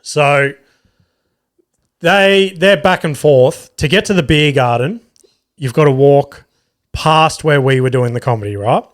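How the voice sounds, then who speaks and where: A man's voice: fairly high pitch, measured pace, pauses often. An Australian man hosting a podcast, telling a rambling, profane story about touring as a stand-up comedian. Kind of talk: casual storytelling monologue.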